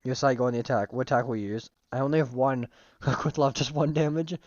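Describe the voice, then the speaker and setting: A man's voice: medium pitch, steady tone, quick pace, darkish tone, dry recording, muffled recording. Joking man reading a game aloud. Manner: joking, laughing and swearing at the game. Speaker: streamer. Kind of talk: casual game playthrough, reading text aloud.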